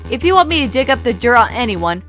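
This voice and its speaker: A sly fox private eye, suave and measured with a theatrical edge, as a woman reads him. The voice sits a little high. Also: sing-song, a bit bright, soft background music. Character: smooth male fox private investigator, sly.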